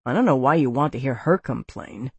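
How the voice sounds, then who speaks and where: A woman's voice: a bass voice, expressive, fairly quick, a little mellow, husky, dry recording, full character voice. A woman voicing a sardonic young man in an audiobook, muttering and sarcastic.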